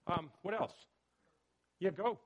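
A man leading a church study discussion, animated and questioning, calling on people by name. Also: sits high, slow, slightly rough. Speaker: church study group leader.

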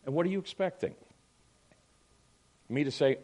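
A man's voice: on the high side, moderate pace, pauses often, darkish tone. A middle-aged man teaching a Sunday school class in an emphatic way, often acting out other people's voices.

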